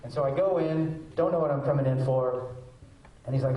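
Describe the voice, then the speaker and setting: A man in his forties, a voice actor answering audience questions at a convention panel, telling animated stories and acting out quotes. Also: medium pitch, fast, highs cut off. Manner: animated storyteller, acts out quotes and goblin noises. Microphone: handheld mic, recorded from the audience. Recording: echoey hall from far off.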